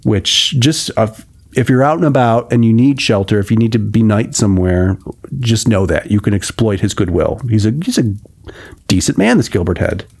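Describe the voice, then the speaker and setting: A man's voice: on the low side, animated, moderate pace, a little mellow, breathy edge. A man reading an old novel aloud and breaking off for wry, joking asides. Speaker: reader and commentator.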